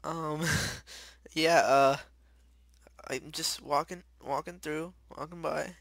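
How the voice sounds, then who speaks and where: A young man giving rambling, excitable commentary while playing a video game. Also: fairly high pitch, takes it slowly, creaky, no echo. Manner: chatty, rambling, excitable, shouts when startled. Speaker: gamer. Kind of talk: casual gameplay commentary.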